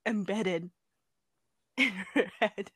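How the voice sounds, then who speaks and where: A young woman chatting casually and giggling, acting out stories with high shrieks. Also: very animated, drawn-out words, a bit bright, breathy edge, no room sound, clean studio sound. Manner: giggly, acts out quotes with shrieks. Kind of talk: casual chat.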